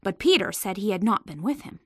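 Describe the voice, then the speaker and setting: A woman reading a storybook aloud in an expressive, lively way. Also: mid-range voice, brisk, husky, no echo, studio quality.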